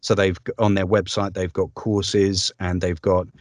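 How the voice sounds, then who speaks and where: A man's voice: low-pitched, flat delivery, measured pace, no room sound, studio quality. A man, a voice-over artist, chatting upbeat in an interview with frequent ums and laughs. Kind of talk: casual interview conversation.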